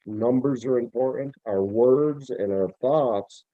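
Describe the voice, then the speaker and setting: A man's voice: medium pitch, slow, no room sound. A man from Vermont, a returning guest on an interview show, talking in a rambling way and often searching for his words. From Vermont, USA. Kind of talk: casual interview talk. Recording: tinny phone-like remote line, dry.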